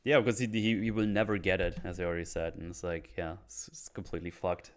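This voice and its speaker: Low-voiced man recapping a show with swearing. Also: fast talker. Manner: profane, excitable, acts out characters' lines. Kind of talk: casual chat recapping a TV episode.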